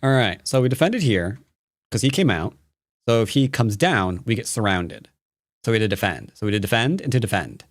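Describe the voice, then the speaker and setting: A man's voice: on the low side, big pitch swings, brisk, dry recording, studio quality. A man teaching Go on a live stream, talking casually and playfully, joking with his chat and rambling with fillers and restarts. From United States.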